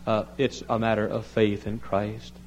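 A man preaching a sermon as pastor, pleading loudly and then dropping low and quiet. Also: completely flat delivery, measured pace, low-quality recording. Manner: impassioned preaching, swinging from loud high pleading to low quiet tones.

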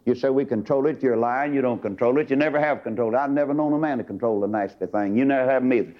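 A man preaching an old-time sermon, dropping to low murmurs and leaping to high shouting bursts. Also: rapid-fire, highs cut off.

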